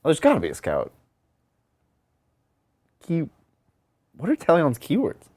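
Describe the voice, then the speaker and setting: A man co-hosting a casual gaming podcast with a lively, swinging pitch. He explains rules in an animated way and laughs easily. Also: unhurried. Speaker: podcast co-host. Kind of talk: casual chat answering questions.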